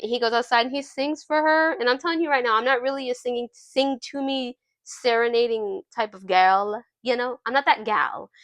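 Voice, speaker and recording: Chatty woman with a fairly high voice. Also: moderate pace, hardly any pauses, no echo. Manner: animated, chatty retelling with laughs. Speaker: movie reviewer. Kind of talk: casual chat.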